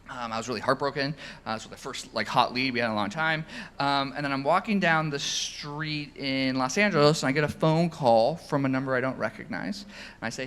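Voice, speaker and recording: A man, a company founder, telling stories at an onstage interview, animated, with many ums and restarts. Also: fairly high pitch, moderate pace, clear, resonant tone. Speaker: founder and CEO. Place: event stage before an audience.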